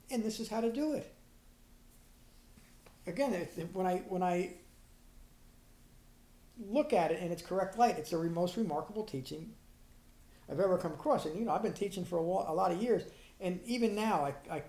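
A man's voice: sits high, darkish tone. Middle-aged man teaching, roomy sound. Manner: earnest, restarts sentences, emphatic on key points. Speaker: Buddhist teacher. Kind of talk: dharma talk explaining a sutta. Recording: roomy echo.

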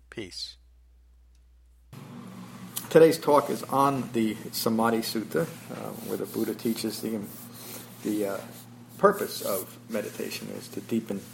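A man teaching meditation, giving a Buddhist dharma talk to a small class. He thinks aloud with pauses and pokes fun at his own habits. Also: on the low side, vocal fry, a little hiss or hum, rough recording. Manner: self-deprecating, chuckling about his habits.

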